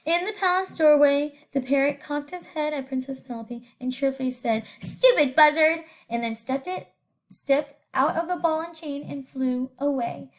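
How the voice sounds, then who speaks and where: High-voiced woman teacher reading aloud. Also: normal speed. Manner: animated, expressive storytelling with questions to the class. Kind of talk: reading a picture book aloud to students.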